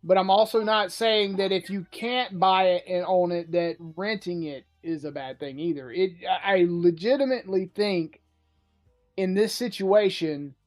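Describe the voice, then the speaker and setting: Podcast host, adult, crude and joking, reads chat aloud; music faintly underneath. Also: male voice, high-pitched, moderate pace.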